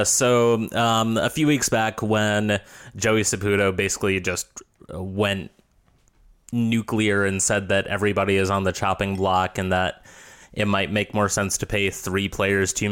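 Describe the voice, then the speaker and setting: A man's voice: on the low side, flat delivery, unhurried, fairly bright tone, smooth. A man co-hosting a casual sports podcast, blunt and emphatic.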